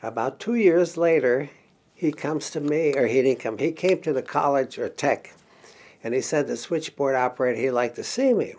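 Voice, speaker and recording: A man's voice: medium pitch, normal speed, a little mellow. Older man telling career stories. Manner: reminiscing storyteller acting out dialogue, chuckling. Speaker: interviewee recalling career as counselor. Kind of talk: oral history interview.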